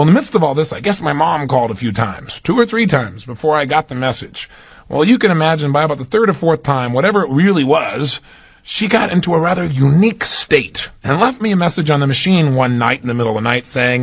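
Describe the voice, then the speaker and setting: A man's voice: on the high side, breathy edge. A man giving a motivational talk, emphatic and swinging his voice up and down to stress points. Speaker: motivational speaker.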